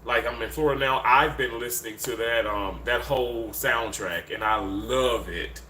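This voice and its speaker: A livestream host from Mississippi chats casually from a hotel room, rambling with lots of fillers as he reads viewer comments. His Southern-accented voice is medium-pitched, moderately paced, pushed and bright. The sound is roomy with a little hiss or hum.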